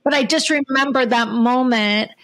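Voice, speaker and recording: A woman's voice: a little high, normal speed, a bit bright. A woman hosting a podcast interview, earnest and explanatory, steering the talk with questions. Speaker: podcast host.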